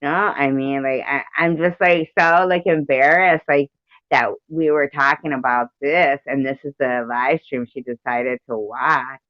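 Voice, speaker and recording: A woman's voice: very deep voice, steady tone, measured pace, dry recording. A woman hosting a livestream in casual chat, rambling and laughing often. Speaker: livestream host. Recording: muffled dry livestream audio.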